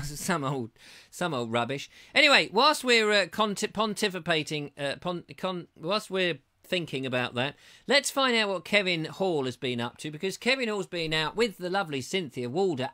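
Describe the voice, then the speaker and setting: A man's voice: fairly high pitch, bright, forceful tone. A middle-aged man from England hosting a casual livestream, reading out viewers' comments and chatting in a rambling, jokey way with playful wordplay. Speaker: host reading live chat comments.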